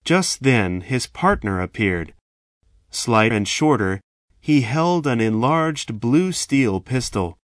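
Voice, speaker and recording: Slow, measured male storyteller. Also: mid-range voice, a bit bright, dry recording, studio quality. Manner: slow, measured, dramatic delivery. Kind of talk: first-person story reading.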